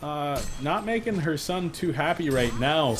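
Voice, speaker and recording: A man casting a live esports match, excitable and jokey, quick to laugh at his own puns. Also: fairly high pitch, a little hiss or hum. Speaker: esports caster. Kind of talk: live game commentary.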